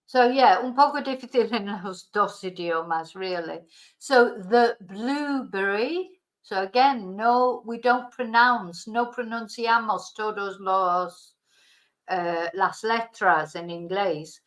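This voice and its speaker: A woman teaching fruit vocabulary in a bilingual lesson, slowly and carefully repeating each word for pronunciation. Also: medium pitch, fairly bright tone, rough recording. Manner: slow, careful pronunciation drills. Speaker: language teacher.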